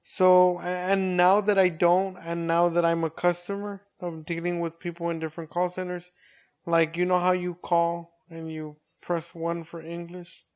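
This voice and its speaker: A man's voice: high voice, little pitch movement, normal speed, clean tone. A man co-hosting a podcast who talks bluntly and crudely, stumbling and repeating himself. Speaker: podcast co-host. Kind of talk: casual chat.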